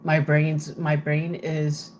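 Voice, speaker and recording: Slow, chatty woman live-streaming from home. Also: low voice, monotone, a little mellow, slight background noise. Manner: chatty, muttering to herself while searching a map. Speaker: livestreamer. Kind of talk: casual live-stream chat. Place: at home, indoors. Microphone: handheld phone.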